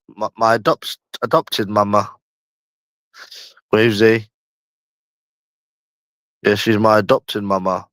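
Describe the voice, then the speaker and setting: Man, London accent, livestream host, casual chat, rambling, repetitive, slangy, swears, mid pitch, dry close sound. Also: a bit bright, no echo.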